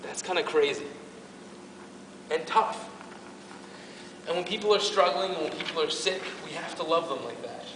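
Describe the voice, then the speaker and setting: His voice a little high and expressive, this man speaks at a moderate pace with long pauses while giving an informal faith talk to his parish's youth group. He's earnest and emotional and keeps restarting. As the parish youth ministry speaker, he's heard from far off in an echoey hall with background noise.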